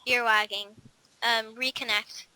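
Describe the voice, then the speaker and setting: A high-pitched young female voice chats and giggles her way through a co-op game, rambling with fillers and side stories. A steady hiss of noise sits under her homemade mic recording. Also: a little slow, low-quality recording. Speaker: video game let's-play host. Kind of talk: casual gaming chat.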